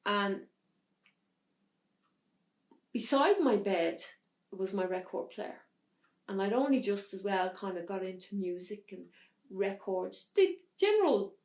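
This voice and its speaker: A woman telling a hard personal story as an interview guest, in a halting way with restarts. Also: mid-range voice, vocal fry, a little mellow, roomy sound. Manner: halting, restarts under strain. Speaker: podcast guest.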